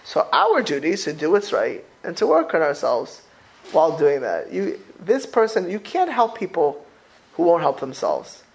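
A middle-aged man teaches as a rabbi, his voice high and very lively. He restarts words often and throws out exclamatory rhetorical questions to the room. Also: normal speed, gravelly, slightly rough. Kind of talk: Torah class.

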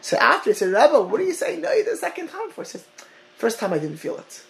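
A man teaching a Torah class over a call, talking in halting bursts, often repeating words and mixing in Hebrew and Yiddish terms. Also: very high-pitched, wildly swooping pitch, gravelly, a bit bright, a little hiss or hum, low-quality recording.

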